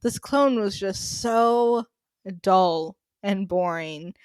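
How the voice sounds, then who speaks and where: Smooth-voiced woman gushing about a show. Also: medium pitch, drawn-out words, a little mellow, dry recording, clean studio sound. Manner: gushing, laughs often. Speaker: podcast co-host. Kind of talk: casual chat.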